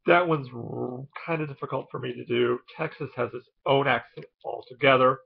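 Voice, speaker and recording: Brief: casual male video host, hesitant and filler-heavy, mid-pitched, muffled lo-fi recording. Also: moderate pace, gravelly, breathy edge. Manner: hesitant, many ums and uhs. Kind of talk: casual explainer talk.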